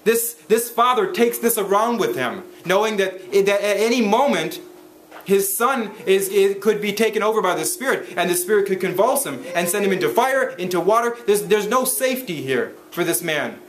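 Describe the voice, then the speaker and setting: A man's voice: sits high, animated, a little hiss or hum. A man preaching a sermon as pastor, reading scripture and explaining it, often restarting his sentences with fillers. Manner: halting, many restarts and fillers. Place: church. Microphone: handheld camera recording.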